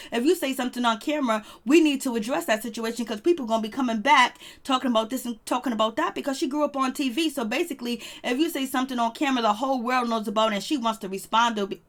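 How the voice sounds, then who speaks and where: A woman with a fairly high voice talks through a reality-show episode, chatty and gossipy. She speaks casually to her viewers and slips into acted-out bits of what the cast said. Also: fairly bright tone. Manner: chatty, gossipy, acts out quoted lines. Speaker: reality TV recap vlogger.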